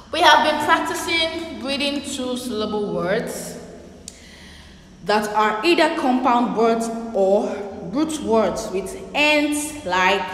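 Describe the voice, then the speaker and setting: A woman's voice: fairly high pitch, a bit bright. A woman teaching young children a spelling and reading lesson, spelling words out letter by letter and repeating them. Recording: echoey room with long reverb.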